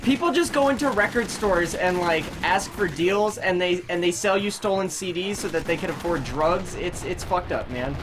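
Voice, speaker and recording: Animated, swearing gamer, mid pitch, noisy game audio behind. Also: normal speed, hardly any pauses. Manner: animated, swears a lot, acts out angry quotes. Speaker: gamer chatting. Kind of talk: casual chat.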